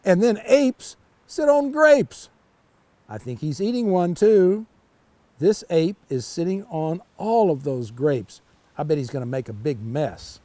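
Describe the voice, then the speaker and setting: An older man reads a picture book aloud to children, slowly and playfully, stopping to chat about each picture. His voice sits high and mellow and swoops in a lively way. The recording is close and dry. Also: dry recording. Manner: slow, lively storytelling with asides about the pictures. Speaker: storytime reader.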